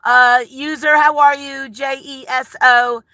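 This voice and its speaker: An older woman hosts a live stream from her phone, chatty and effusive, rambling from one story to the next. Her voice sits high and bright, recorded close and dry with no room sound. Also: steady tone, slow pace, no room sound, low-quality recording. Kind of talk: casual live-stream chat.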